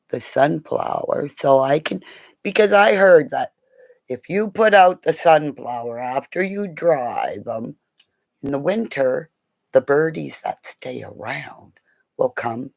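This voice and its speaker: Rambling gravelly-voiced woman. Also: rumbling low, lively intonation, a little slow, darkish tone. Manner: rambling, swears freely, drops into whispers. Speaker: vlogger. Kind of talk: rambling casual monologue.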